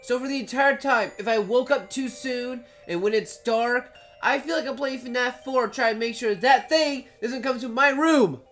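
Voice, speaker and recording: In a casual commentary vlog with music behind her, a woman creator rambles bluntly, jokes, swears offhandedly and says "like" a lot. Her voice runs on the high side with a fairly bright tone, moving at a moderate pace with few pauses.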